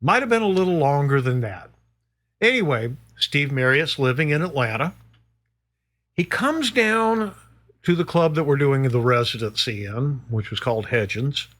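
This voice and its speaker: A middle-aged man, a guest musician, telling a story in a casual, animated way, swearing and peppering it with "you know". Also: mid-range voice, normal speed.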